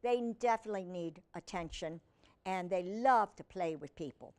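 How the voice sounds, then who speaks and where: A woman reading picture books to children, gentle and teacherly, often asking the listener questions. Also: on the low side, normal speed, clean tone. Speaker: children's storyteller.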